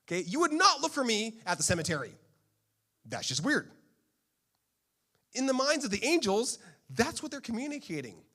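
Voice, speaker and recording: A male pastor preaching a sermon in a playful, animated storytelling manner. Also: extremely high pitch, moderate pace, pauses often.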